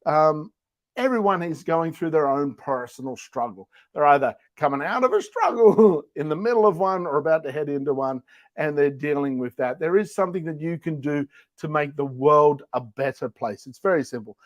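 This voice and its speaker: A man's voice: fairly high pitch, normal speed, dry recording. A man co-hosting a casual talk show, telling stories with a playful manner and mimicking animal and neighbor voices. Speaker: co-host. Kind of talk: casual chat.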